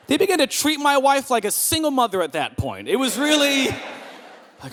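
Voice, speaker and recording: A man's voice: a little fast, slight background noise. A man in his thirties performing a stand-up comedy set on a club stage, telling family stories and jumping into voices for the people in them. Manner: animated storyteller, jumps into high voices for characters. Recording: long reverb of a hall.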